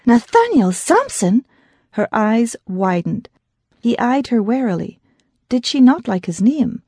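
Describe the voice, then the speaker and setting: A woman narrating an audiobook in a measured storytelling manner. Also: a little high, animated, mellow, husky, no room sound, clean studio sound. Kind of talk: scripted narration.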